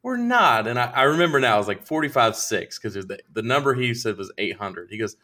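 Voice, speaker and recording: A young adult man casually telling a profane story, acting out both sides of the conversation with lively quoted voices. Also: on the low side, quick pace.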